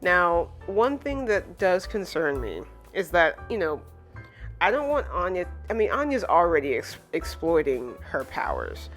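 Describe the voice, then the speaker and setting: A woman recaps and reviews a manga chapter in easy, casual talk. Her voice sits a little low for a woman, and she strings her sentences along with loose, chatty fillers. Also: very animated, a little slow, faint music behind. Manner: chatty, full of "like" and "you know" fillers.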